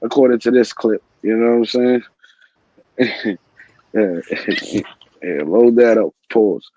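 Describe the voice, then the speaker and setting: A man's voice: lowish voice, fairly even intonation, takes it slowly, mellow, slight background noise. A man hosting a morning livestream show, talking loosely in slang and often repeating himself. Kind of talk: casual livestream chat.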